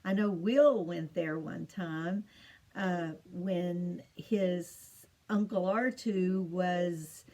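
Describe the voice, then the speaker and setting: A middle-aged woman teaching children, slow and patient, repeating each answer in a sing-song lilt. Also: lowish voice, darkish tone. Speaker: teacher of state capitals to children. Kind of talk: slow home-made lesson for children.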